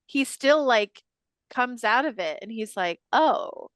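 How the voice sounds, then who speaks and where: A woman's voice: fairly high pitch, animated, measured pace, a bit bright, no room sound, studio quality. A woman co-hosting a podcast, discussing a film in casual chat and pointing out its flaws wryly. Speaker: podcast co-host.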